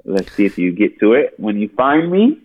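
A man, an actor, chatting casually as a guest in an interview, playful and quick to laugh. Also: lowish voice, breathy edge, dull audio. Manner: laughs often, lively and playful.

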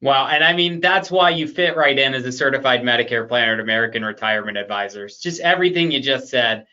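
A man's voice: medium pitch, quick pace, pushed and bright, lo-fi sound. A man hosting an interview show, affirming his guest with enthusiasm. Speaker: show host.

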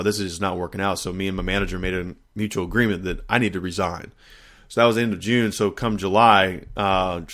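A middle-aged man tells a personal faith story. His voice sits a little low, and he talks in an animated, storytelling way that often breaks into laughter. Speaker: podcast host. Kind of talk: faith testimony podcast.

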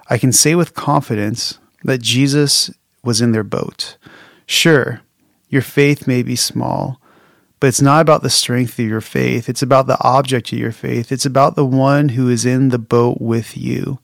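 A man's voice: medium pitch, gravelly, no room sound, clean studio sound. A male pastor giving a sermon in a candid, reflective and conversational way.

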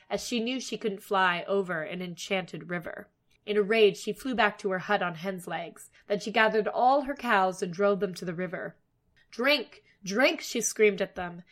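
A woman narrating a fairy tale aloud, expressive and dramatic. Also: mid-range voice. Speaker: storyteller. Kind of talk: storybook narration.

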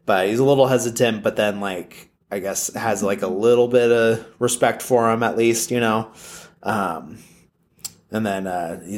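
A man casually retelling a film's plot, rambling with lots of fillers. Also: lowish voice. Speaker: film plot recapper.

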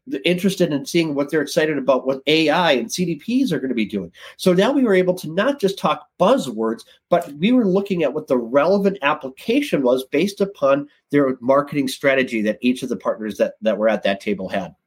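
Husky, lively male podcast guest. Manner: lively, jumps up in pitch when excited. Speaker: guest, sales director. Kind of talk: casual podcast storytelling.

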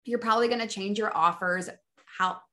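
A woman speaks as a business coach, her voice sitting at an ordinary middle pitch. She talks with eager, emphatic enthusiasm, restarting her phrases as she pushes a motivational message. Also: moderate pace, sharp tone. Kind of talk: motivational solo talk.

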